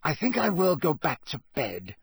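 A man voicing a cold, controlled male professor who speaks slowly in a strained, clipped way. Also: on the high side, wildly swooping pitch, gravelly, husky, no echo, pitched above the performer's own voice, heavily acted. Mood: forced calm. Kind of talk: audiobook character voice.

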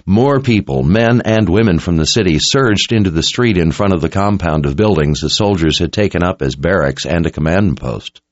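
A man's voice: low-pitched, animated, moderate pace, hardly any pauses, dry recording, dull audio. A man reading a dramatic story aloud as narrator, in an intense, scripted audiobook style.

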